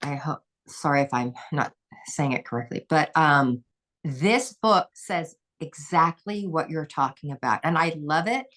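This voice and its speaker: A woman's voice: sits low, lively intonation, measured pace, fairly bright tone. A woman who is a former head gymnastics coach, talking passionately and emphatically as a podcast guest. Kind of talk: podcast conversation.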